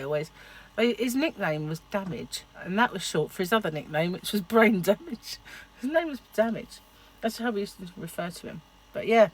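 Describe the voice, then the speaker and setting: Woman, middle-aged, casual vlog chat, chatty storyteller, laughs a lot, very animated pitch. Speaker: diet vlogger.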